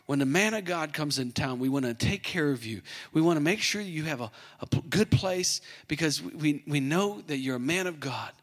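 A preacher doing an eager grateful husband. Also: male voice, on the high side, animated, a little fast, few pauses, pitched below the performer's own voice. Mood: earnest. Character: grateful middle-aged host husband, eager to please. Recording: long hall reverb.

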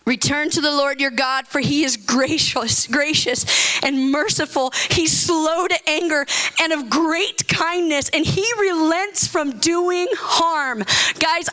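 In a low-quality recording, a woman with a bright, forceful voice that sits high speaks a little slowly as she passionately preaches a sermon. She reads scripture aloud, then shifts into casual slang, rising to cries when quoting prayer.

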